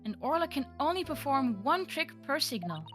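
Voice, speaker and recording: A woman's voice: very animated, normal speed, over music. A woman voicing a young whale trainer playing pirate. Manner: booming pirate-talk bursts between plain explanations. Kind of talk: fan voice acting of a game.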